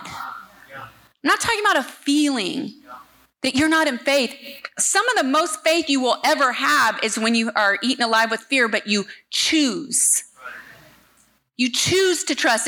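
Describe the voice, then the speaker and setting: A woman's voice: sits high, sharp tone. A middle-aged woman preaching a sermon as a guest speaker at a church service, speaking emphatically and addressing the congregation directly.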